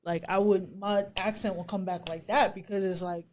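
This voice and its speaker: A man's voice: sits high, steady tone, normal speed, darkish tone. A man with a Bermudian accent co-hosting a podcast in laid-back, casual chat, swearing freely. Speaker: podcast co-host.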